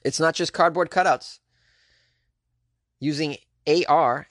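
Gravelly-voiced guy hosting a comedy podcast. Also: mid-range voice, no room sound, studio quality. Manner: laughs often, chatty, slangy asides. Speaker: comedy news podcast host. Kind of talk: casual comedic monologue.

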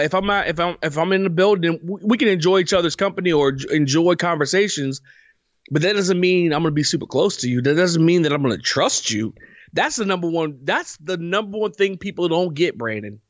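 A man co-hosting a podcast in casual chat, animated and emphatic, often repeating himself. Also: sits high, brisk, no room sound, lo-fi sound. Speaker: podcast co-host.

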